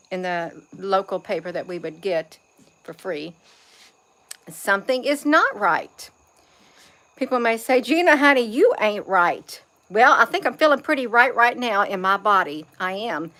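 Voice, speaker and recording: A woman's voice: medium pitch, pushed and bright. A woman talking to her viewers in a loose spiritual monologue, repeating her phrases and saying "you all" to the viewers. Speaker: vlogger.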